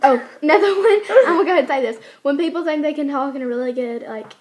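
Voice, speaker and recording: Giggly high-voiced teen girl. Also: fast, a little mellow. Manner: chatty, giggly, acts out quoted people. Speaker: co-host. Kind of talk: casual chat.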